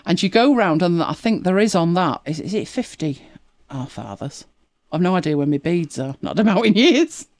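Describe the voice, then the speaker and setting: A woman's voice: fairly low pitch, lively intonation, normal speed, few pauses, darkish tone, no echo. A woman, chatting casually as a podcast co-host and telling stories with frequent laughs. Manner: chatty storyteller, laughs often. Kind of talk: casual chat.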